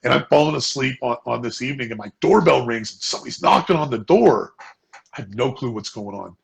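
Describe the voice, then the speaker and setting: A man's voice: medium pitch, animated, fast, vocal fry. A man co-hosting a casual business chat, telling a personal story in an earnest way and often repeating words. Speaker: co-host.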